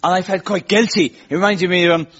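A man's voice: high-pitched, steady tone, fast, a bit bright, husky. A man from Wales hosting a comedy show, telling stories in a self-mocking, wry, chatty way before a live audience. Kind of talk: stand-up storytelling. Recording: muffled live audience recording with noise.

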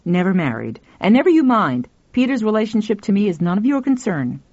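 A woman's voice: mid-range voice, very animated, a little fast, darkish tone, dry recording, muffled recording. A woman voicing an older graying spinster who speaks in a clipped, stern way. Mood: curt. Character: thin graying older spinster writer, prim and curt.

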